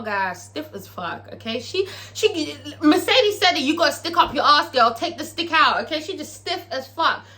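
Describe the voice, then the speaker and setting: A woman giving a chatty, animated and profane recap of a TV episode, laughing often. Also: high-pitched. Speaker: TV episode reviewer. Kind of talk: casual recap commentary.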